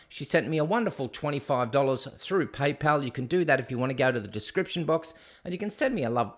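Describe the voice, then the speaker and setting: Middle-aged aussie bloke, chatty and jokey, a bit high-voiced, rambling through a livestream. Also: male voice, fairly bright tone. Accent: Australian. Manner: chatty, jokey, rambling, reads comments aloud. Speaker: host. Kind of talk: casual solo livestream chat.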